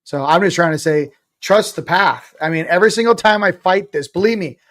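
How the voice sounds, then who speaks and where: In a casual interview about spiritual matters, a man in his forties speaks a little fast, his voice pitched slightly above most men's and fairly bright in tone. He is blunt and emphatic, tossing in casual swear words and mocking himself with sarcasm.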